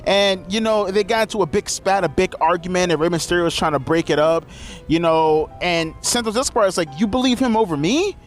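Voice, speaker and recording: Male show reviewer, high pitched, loose and profane, with faint music under him. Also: a little fast. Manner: animated, profane, rambling. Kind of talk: casual show recap.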